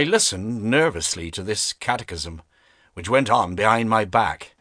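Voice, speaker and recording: A man reading an unabridged classic novel aloud as narrator, in a measured, expressive storytelling manner. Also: on the low side, no echo. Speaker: audiobook narrator. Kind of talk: scripted audiobook narration. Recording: dry close studio sound.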